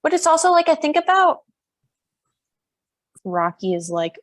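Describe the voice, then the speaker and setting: A woman's voice: a little high, big pitch swings, normal speed, long pauses. A young woman co-hosting a podcast in casual chat, blunt, indignant and sarcastic. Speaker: podcast co-host.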